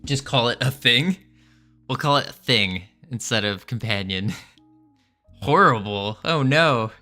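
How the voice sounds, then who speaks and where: A man's voice: mid-range voice, sharp tone. A man chatting casually on a game development livestream, playful and joking with his chat, laughing often.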